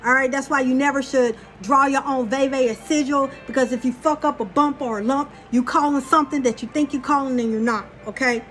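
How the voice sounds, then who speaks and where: Blunt, high-voiced woman vlogger. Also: brisk, hardly any pauses, faint music behind. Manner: blunt, profane and animated. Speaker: spiritual vlogger. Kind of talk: casual monologue to viewers.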